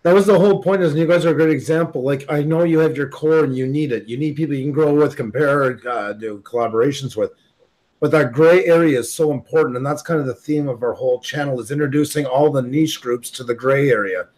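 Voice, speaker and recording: A man's voice: medium pitch, low-quality recording. Enthusiastic man on a video call. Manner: enthusiastic, talks fast when excited. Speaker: guest creator. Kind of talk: casual live stream chat.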